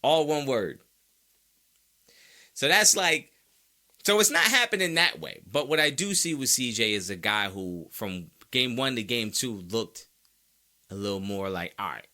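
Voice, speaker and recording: A man hosting a casual sports podcast from close to the mic. His voice is bright and forceful, and his pitch swings widely as he riffs. He drops into playful, overdone voices when he mimics fans. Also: unhurried, long pauses. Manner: animated, playful, mock-quotes fans in exaggerated voices.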